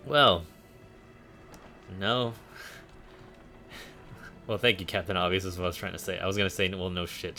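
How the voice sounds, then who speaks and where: Deep-voiced joking man streaming a game. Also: bright, forceful tone. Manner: joking, sarcastic asides. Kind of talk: casual gameplay commentary.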